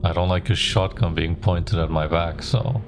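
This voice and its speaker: Brief: low-voiced male player, deadpan sarcasm, music behind. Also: moderate pace. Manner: dry, sardonic. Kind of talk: in-character tabletop play.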